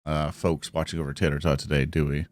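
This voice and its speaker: A man's voice: extremely low pitch, level tone, fast, no echo, studio quality. A man hosting a tabletop game podcast in loose, rambling casual chat, laughing often. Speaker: host.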